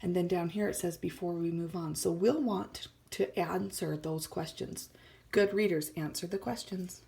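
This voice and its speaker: A woman's voice: on the low side, fairly even intonation, normal speed, gravelly, warm tone. A woman teacher reading a story aloud to children, explaining words and often dropping to a whisper. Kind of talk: read-aloud lesson for children.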